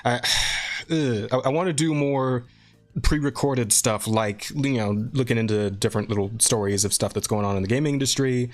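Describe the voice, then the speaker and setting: A man's voice: medium pitch, moderate pace, faint music behind. A man co-hosting a podcast, chatting loosely and rambling, with casual swearing.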